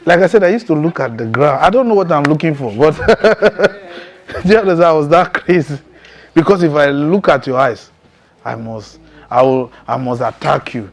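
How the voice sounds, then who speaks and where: A man giving a testimony sermon, telling his story intensely and emphatically, with frequent chuckles. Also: a little high.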